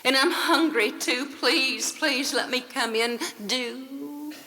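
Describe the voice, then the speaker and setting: A woman voicing a cold, hungry stranger who pleads slowly and softly to be let in. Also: high-pitched, long reverb tail, full character voice. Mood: pleading. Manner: slow, soft, pleading.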